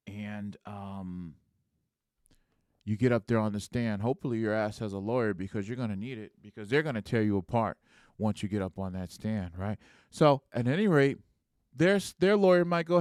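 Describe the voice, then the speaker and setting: Smooth-voiced man hosting a podcast. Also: lowish voice, brisk, darkish tone, no echo, clean studio sound. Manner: conversational, rhetorical "right?" asides. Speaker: podcast host. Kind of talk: casual podcast talk.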